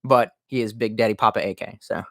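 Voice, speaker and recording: A man's voice: lowish voice, brisk, a bit bright. Rambling, profane male streamer. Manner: rambling and profane, often muttering asides. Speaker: livestreamer reading chat comments. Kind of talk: casual livestream chat. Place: his messy room at home.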